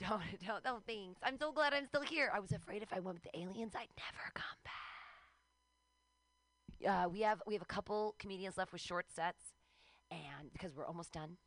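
A woman's voice: mid-range voice, brisk, a bit bright, no room sound. A woman hosts a comedy show on the radio, gushing over each act and hyping up the next one. Her voice sits in the middle range, and the sound is close and dry. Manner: gushing, enthusiastic introductions. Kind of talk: live comedy show hosting.

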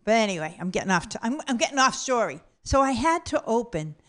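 A woman's voice: a little high, sing-song, quick pace, fairly bright tone. A woman telling a funny story about herself, blunt and cheerfully profane. She acts out the people in the story as she goes, shifting into their voices for each quote. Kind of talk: comedic personal story told aloud.

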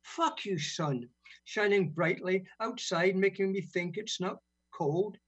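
Husky British man reading poems. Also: high-pitched, slow pace. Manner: wry, relaxed chat between blunt, sweary verses. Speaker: poet on community radio. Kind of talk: reading his own poems aloud. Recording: dull lo-fi radio sound.

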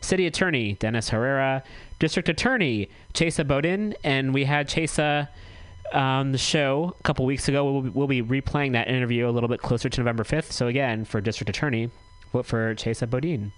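A man's voice: medium pitch, a little fast, clear, resonant tone, no room sound, poor audio. A man hosting a community radio show, reading out notices in a chatty way and correcting himself as he goes. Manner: chatty, self-correcting, reads notices aloud. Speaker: radio host. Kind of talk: casual community radio talk.

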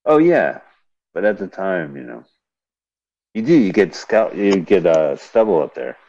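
Deep-voiced man joking over a movie. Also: sing-song, measured pace, vocal fry, a little mellow. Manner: wry, explains film details between jokes. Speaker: co-host riffing on an old silent film. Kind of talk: casual banter over a movie. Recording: dull lo-fi radio stream.

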